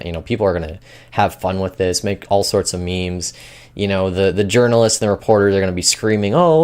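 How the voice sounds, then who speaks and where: A man's voice: low-pitched, darkish tone. A man hosting a finance news show, talking in loose, rambling casual commentary with many fillers.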